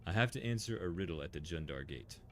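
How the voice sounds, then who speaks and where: A man's voice: low voice, animated, quick pace, fairly bright tone, faint music behind. A man reading the lines of an earnest young squire on a quest, polite and deferential.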